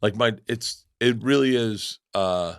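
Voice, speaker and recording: A middle-aged man, a guest comedian, telling animated, rambling stories in a casual podcast chat and swearing freely. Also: fairly low pitch, takes it slowly, clear, resonant tone, no room sound, studio quality. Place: podcast studio.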